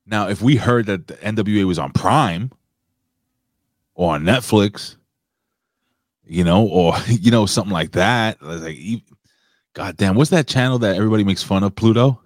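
Low-voiced guy rambling and swearing on a podcast, dead dry mic. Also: moderate pace, long pauses, no echo. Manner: blunt, profane, rambling. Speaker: wrestling podcast co-host. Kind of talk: casual chat.

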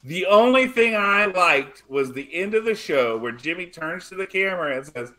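Man, podcast co-host, high bright voice, lively, laughs easily, recounts moments with mimicry. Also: moderate pace. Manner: animated, acts out quotes, laughs easily. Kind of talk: casual chat.

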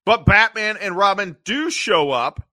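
A man co-hosting a podcast, recapping an old TV episode in an animated way, acting out the characters' lines and often clearing his throat. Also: sits high, unhurried, no room sound, clean studio sound. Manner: animated storytelling, acting out quotes in funny voices. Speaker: podcast co-host.

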